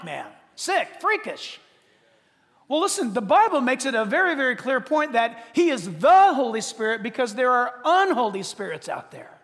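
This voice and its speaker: High-voiced man preaching in a reverberant hall. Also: fairly bright tone. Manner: emphatic, conversational preaching with asides. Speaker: pastor. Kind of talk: sermon.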